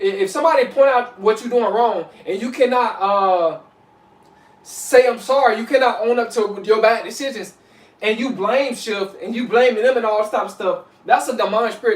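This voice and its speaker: A man giving casual spiritual advice as a vlogger, loose and repetitive, saying "you know what I'm saying" often. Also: very high-pitched. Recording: echoey room, mic at a distance.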